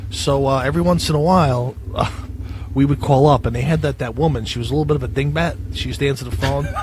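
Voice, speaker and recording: A man's voice: mid-range voice, quick pace, a little mellow, slight background noise. A man co-hosting a casual chat, telling old neighborhood stories with plenty of laughter. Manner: laughing storyteller, acts out crank calls. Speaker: co-host.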